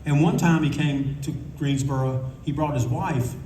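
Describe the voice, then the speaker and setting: Older male panelist, rambling raconteur, warm low-key tone, faint room hum behind. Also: moderate pace, far from the mic. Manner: rambling, candid, swears freely. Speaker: convention panelist. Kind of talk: casual anecdotal storytelling. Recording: echoey room recording from afar.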